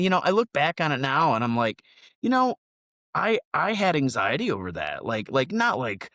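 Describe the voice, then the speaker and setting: With a medium-pitched voice at a normal speed, this American podcast co-host in his forties tells profanity-laced, meandering stories in a loose chat. The recording is dry and cleanly studio-produced.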